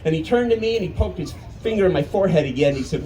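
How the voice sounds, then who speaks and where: Man in his fifties, folksy storyteller with a mellow, fairly high voice, lively with dramatic pauses. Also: low-quality recording. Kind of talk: live storytelling. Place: arts festival stage.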